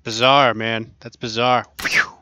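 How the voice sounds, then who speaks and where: A man's voice: medium pitch, little pitch movement, a little slow, bright, forceful tone, a little hiss or hum. A man casually commenting while he plays a VR archery game, chatting and laughing to himself as he goes. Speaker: gaming channel host.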